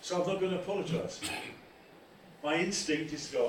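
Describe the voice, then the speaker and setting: Man, pastor, animated sermon; slightly high voice, distant mic in a very echoey church hall. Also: brisk, background noise. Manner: animated, acts out quoted voices. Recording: echoey room from far off.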